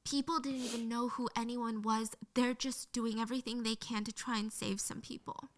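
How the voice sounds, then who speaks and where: A woman's voice: a little high, steady tone, normal speed. A woman narrating a true crime story in an earnest, emotional way, played from her original video.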